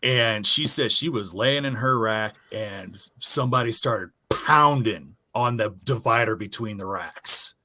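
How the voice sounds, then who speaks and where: A man casually telling a profane, animated ghost story from his Navy days. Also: on the low side, a little slow, hardly any pauses. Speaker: guest storyteller.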